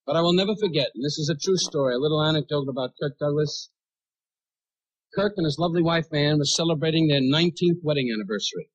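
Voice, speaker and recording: A man doing a roast on stage, with brash, rapid-fire insult humor and sudden shouted punchlines. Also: on the high side, highs cut off. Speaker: roast comedian. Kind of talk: stand-up roast routine.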